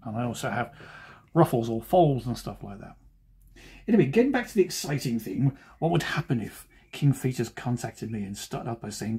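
Mellow husky-voiced joking cartoonist man. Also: mid-range voice, sing-song, normal speed. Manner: joking, self-deprecating asides. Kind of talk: chatty drawing commentary.

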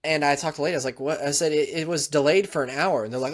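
A man's voice: fairly high pitch, racing, hardly any pauses. A man, co-hosting a podcast, telling stories in a casual chat and swearing a lot. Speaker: podcast co-host.

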